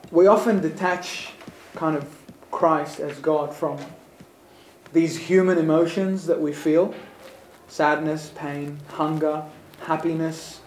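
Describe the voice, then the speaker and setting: A man reading scripture aloud and pausing to reflect on it in an earnest, heartfelt way. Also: a little high, darkish tone, echoey room, poor audio. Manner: earnest, reflective, builds to emphatic moments. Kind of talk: scripture reading with sermon commentary.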